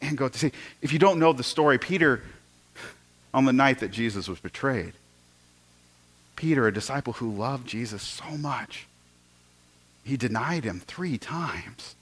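A male pastor preaching a storytelling sermon, swinging from excited rises to hushed asides and often repeating words. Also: medium pitch, unhurried, pauses often, breathy edge.

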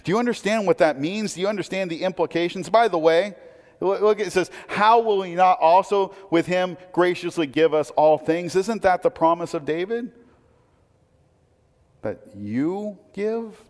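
A man delivering a conversational sermon as a pastor, asking rhetorical questions and swinging between emphatic raised lines and quiet low asides. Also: animated, normal speed, long reverb tail.

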